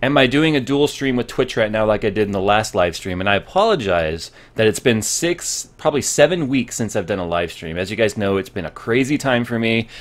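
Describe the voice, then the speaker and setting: A man's voice: lowish voice, expressive, fairly quick, hardly any pauses. A man hosting a live tech stream, chatting casually in a jokey, rambling way.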